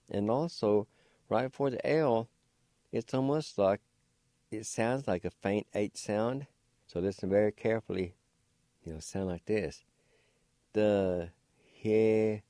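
Low mellow guy on radio spelling out words real slow, patient, repeats everything. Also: no room sound, clean studio sound. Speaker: language teacher and radio host. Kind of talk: slow spelling and pronunciation lesson. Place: radio studio.

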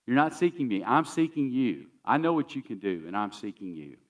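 A man's voice: mid-range voice, sing-song, a little fast, distant mic, natural voice. A man preacher voicing a humble, desperate foreign mother pleading for help. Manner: pleading, submissive.

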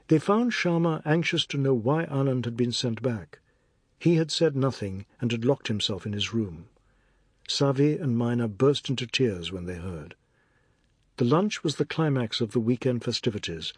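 A man reading a novel aloud as narrator, in a measured, even storytelling manner. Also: medium pitch, slightly rough, no room sound, clean studio sound. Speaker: audiobook narrator. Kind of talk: scripted narration.

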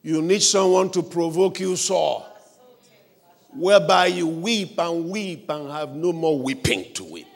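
A male preacher delivering a fervent revival sermon, shouting repeated calls for the congregation to pray aloud. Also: high-pitched, sing-song, unhurried, gravelly. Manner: fervent, repetitive exhortation.

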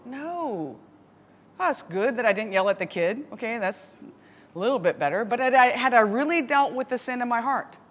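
A woman with a fairly high voice teaches a Bible study, telling a story with animated laughs and asides. Her voice carries a long reverb, as if in a hall. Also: fairly quick.

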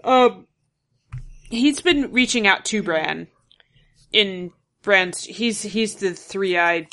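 A woman co-hosting a casual talk show, speaking in halting phrases and often repeating words. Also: mid-range voice, fairly bright tone. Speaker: podcast co-host. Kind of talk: casual chat.

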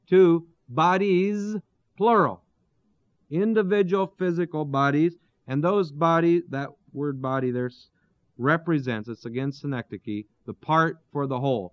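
A man teaching through a Bible passage verse by verse, pausing to explain terms and asking his listeners rhetorical questions. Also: a little high, fairly bright tone, no room sound. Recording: dull, lo-fi dry recording.

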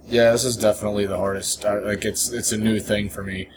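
A man's voice: fairly low pitch, flat delivery, fast talker. A man co-hosting a podcast, rambling through a story in casual chat, often laughing and acting out bits. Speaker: podcast co-host. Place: hotel lobby. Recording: noisy lobby ambience.

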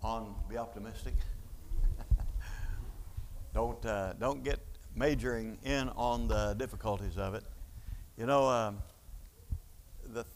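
A man at middle pitch preaches in an explaining, teacherly way, pausing on fillers and restarting his sentences. His voice carries a long reverb through a church hall. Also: a little hiss or hum. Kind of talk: sermon.

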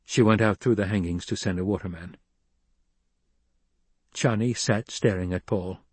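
A man reading an audiobook in measured, even scripted narration. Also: on the low side, husky, dry recording.

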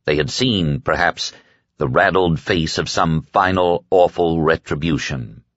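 A man reading an audiobook with deliberate, dramatic storytelling. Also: low-pitched, a bit bright, no room sound, lo-fi sound. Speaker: audiobook narrator. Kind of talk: scripted narration.

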